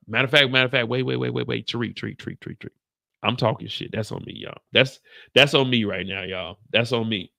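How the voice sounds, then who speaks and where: A man recapping a TV finale in casual commentary, acting out the characters in high and low voices. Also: steady tone, quick pace, creaky, sharp tone. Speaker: show reviewer.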